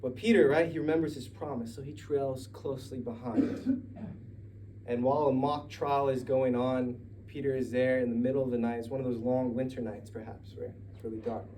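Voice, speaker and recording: A Mexican American man tells a story at a live event, chatty and prone to laughing asides. His voice is mellow and dark at a middle pitch. The mic sits at a distance, and a faint ambience hangs behind him. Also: fairly even intonation, moderate pace, a little hiss or hum. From United States. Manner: conversational, digressive, laughing asides. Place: live story night venue.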